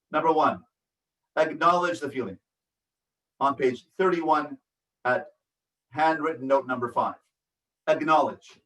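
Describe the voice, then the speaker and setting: The speaker, a rabbi, leads a parenting class on a video call, reading workbook passages in an online lecture and voicing sample phrases with feeling in an earnest, instructive way. His pitch is fairly high and his tone fairly bright, captured as poor audio with a roomy sound and distant mic.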